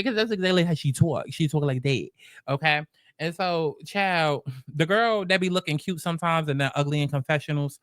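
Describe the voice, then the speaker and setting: Brief: young man, New York accent, sassy profane recap host, slightly high voice, dry close sound. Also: no echo. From the Bronx, New York. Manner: sassy, animated, profane storytelling with mock quotes. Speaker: commentary host. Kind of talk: reality show recap commentary.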